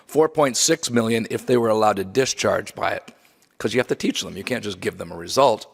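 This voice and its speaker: A man's voice: on the low side, brisk, gravelly, breathy edge. A man giving a memorial lecture from slides, conversational with wry asides. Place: lecture hall. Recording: long hall reverb.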